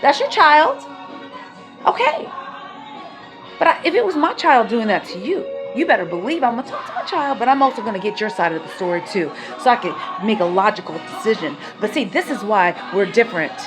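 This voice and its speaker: Speaking fast with barely a pause, this vlogger has a medium-pitched voice that swings a lot in pitch. She vents rawly and confrontationally over background music, cursing as her heat builds and eases.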